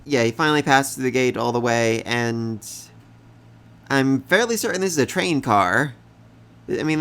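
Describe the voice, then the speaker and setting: Enthusiastic man reviewing a comic. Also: medium pitch. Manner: enthusiastic, laughs often, repeats words when excited. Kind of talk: casual review commentary.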